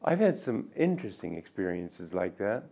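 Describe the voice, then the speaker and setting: An older man giving a reflective spiritual talk, speaking gently and musingly, with soft drawn-out endings. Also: low-pitched, very animated, creaky. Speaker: spiritual teacher.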